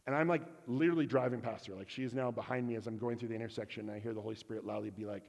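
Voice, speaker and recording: A man preaching a storytelling sermon at a middle pitch, candid and self-mocking as he slips into voices for the people in his tale. His words carry the long reverb of a church sanctuary. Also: fairly even intonation, racing, vocal fry, darkish tone. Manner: candid, self-deprecating, acts out dialogue.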